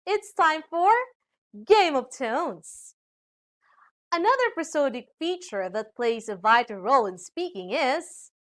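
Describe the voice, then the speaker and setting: A woman with a Filipino accent teaching a lesson in a slow, sing-song voice with exaggerated intonation. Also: a little high, fairly bright tone. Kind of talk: scripted lesson narration.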